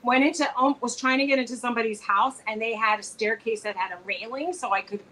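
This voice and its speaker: A woman's voice: a little high, quick pace, bright, forceful tone, a little hiss or hum, rough recording. A woman co-hosting a casual chat between friends, telling rambling stories full of restarts. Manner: rambling storyteller, restarts often. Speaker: co-host.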